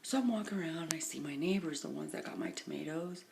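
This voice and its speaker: A tired middle-aged woman vlogging from her phone, telling a long, rambling everyday story and often dropping into a hushed half-whisper. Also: sits low, fast, gravelly, very noisy. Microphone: phone camera.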